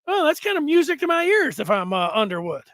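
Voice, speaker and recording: A man's voice: very high-pitched, very animated, brisk, fairly bright tone, no room sound. A man hosting a casual sports talk show, reading viewer comments aloud and rambling with frequent restarts.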